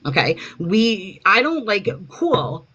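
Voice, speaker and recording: A woman's voice: medium pitch, very animated, takes it slowly, bright, forceful tone, slightly rough, muffled recording. A woman on a live panel, arguing angrily and swearing as she lectures. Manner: angry, profane, lecturing. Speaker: panel participant. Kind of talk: heated argument.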